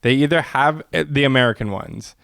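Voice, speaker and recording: A man's voice: mid-range voice, fairly quick, creaky, a bit bright, smooth, dry recording, clean studio sound. A man co-hosting a podcast, bantering in a joking, laid-back way. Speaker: podcast co-host. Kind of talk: casual chat.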